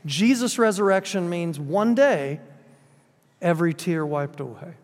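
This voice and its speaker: Earnest preacher in a reverberant hall. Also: male voice, sits high, animated, unhurried. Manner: earnest, drops to soft, quiet phrases at emotional points. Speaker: pastor. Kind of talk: sermon. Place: church hall. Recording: long reverb of a large hall.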